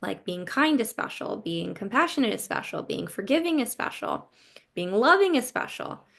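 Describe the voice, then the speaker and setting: A woman voicing God in a children's story she retells, speaking calmly and patiently. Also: medium pitch, moderate pace, creaky, exaggerated voice. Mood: gentle. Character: calm patient God, an old male voice.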